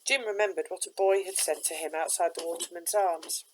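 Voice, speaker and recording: A woman, a teacher, reading a children's novel aloud with steady, expressive narration. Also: fairly low pitch, a little fast, slight background noise, rough recording.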